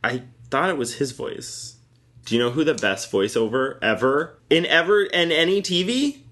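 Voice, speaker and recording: A man's voice: fairly high pitch, lively intonation, normal speed, a bit bright. A young man co-hosting a casual chat, playful and joking, laughing often.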